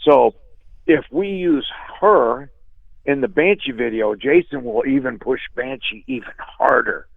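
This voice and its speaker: A man with a gravelly, rough-edged voice spins an animated, salty story, calling his listener "dude" along the way. His voice comes through a thin, phone-like line with no room sound around it. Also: medium pitch, a little slow, dry recording. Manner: animated, profane, peppers talk with "dude". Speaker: guest musician. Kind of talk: casual storytelling. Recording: tinny phone line, dry.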